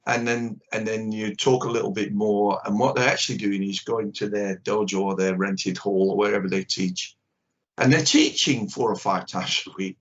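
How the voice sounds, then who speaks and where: An older karate teacher, a guest on a video call interview, speaks bluntly and opinionatedly, acting out little exchanges in a candid conversation. His voice is fairly low with fairly even intonation at a normal speed, and the call audio is dull and lo-fi.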